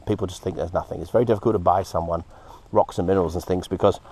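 A man hosting a casual vlog outdoors at a quarry. He talks excitedly, gasping and dropping into breathy whispers. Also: low voice, very fast, slight background noise. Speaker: host, moldavite hunter.

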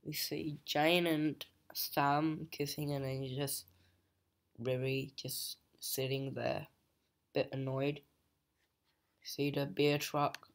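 A young adult reviewer recaps a comic's plot slowly and at length, pausing often on fillers like "just like." The mid-range voice stays flat and monotone, barely rising or falling, and the delivery sounds hesitant as the story unfolds.

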